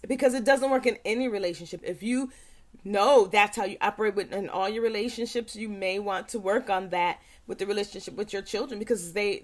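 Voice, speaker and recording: A woman parent educator speaking earnestly to parents, stressing points by repeating them and acting out quick quoted lines. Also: mid-range voice. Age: young adult. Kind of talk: talking to parents.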